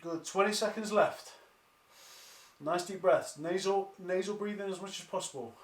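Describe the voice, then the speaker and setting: A man's voice: high-pitched, normal speed. A young man coaching a follow-along home workout, encouraging and counting down, sometimes tripping over his words. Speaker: calisthenics coach. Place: home during lockdown, exercising on the floor. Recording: echoey room.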